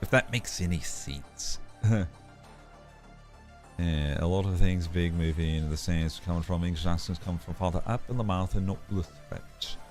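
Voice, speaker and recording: Slow-talking giggly male streamer. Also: deep voice, a little mellow, faint music behind. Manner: giggly, laughs often while reading chat aloud; swears casually. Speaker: streamer and animator. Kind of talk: casual live-stream chat.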